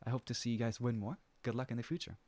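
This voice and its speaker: A man hosting an esports broadcast who interviews a player and wraps up the show in an upbeat, animated way. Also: mid-range voice. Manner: upbeat, animated, quick to praise. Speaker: esports caster and interview host.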